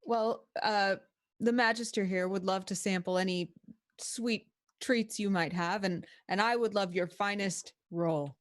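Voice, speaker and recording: A woman's voice: medium pitch, steady tone, a little slow, no room sound, clean studio sound. A woman playing a tabletop game, easygoing and casual. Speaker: player.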